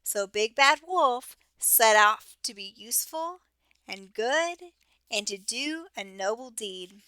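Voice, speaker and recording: A teacher reading a children's storybook aloud, slowly and expressively. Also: female voice, a little high, animated, bright, forceful tone, smooth, dry recording.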